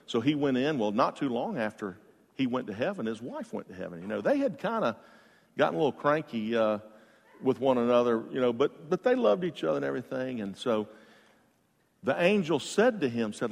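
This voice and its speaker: A man preaching a sermon, telling stories with bursts of loud emphasis and quiet asides. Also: mid-range voice, sing-song, brisk, vocal fry. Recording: long reverb of a large hall.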